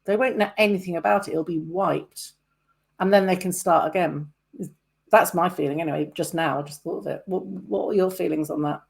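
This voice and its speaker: A woman's voice: on the low side, fairly quick, gravelly, slightly rough. A woman in her fifties hosting a casual interview podcast, rambling with many restarts. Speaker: podcast host.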